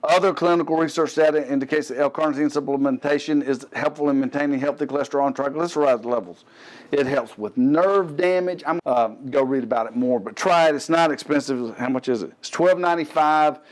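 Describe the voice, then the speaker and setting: A man's voice: fairly high pitch, a little fast. Rambling Southern American man host. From Gulf Coast of the US. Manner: rambling, joking asides. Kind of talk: casual product talk.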